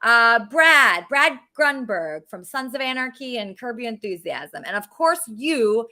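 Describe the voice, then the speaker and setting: A woman hosting a comic interview show, asking mock-earnest, deadpan questions. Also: on the high side, measured pace, hardly any pauses. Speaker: host.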